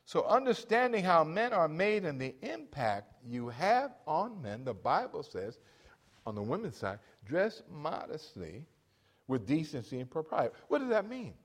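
Lively preaching man with a rising-falling voice. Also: on the high side, normal speed. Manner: lively preaching, calls for amens from the congregation. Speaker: pastor. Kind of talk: sermon. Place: church.

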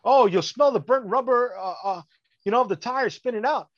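High-voiced, blunt swearing man. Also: a little fast, no room sound, muffled recording. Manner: blunt, profane, dismissive. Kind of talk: casual chat.

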